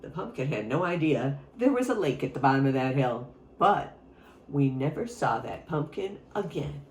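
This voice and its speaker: A woman music teacher telling a story to children, expressive and playful, asking her listeners questions. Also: very deep voice, moderate pace. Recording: echoey room.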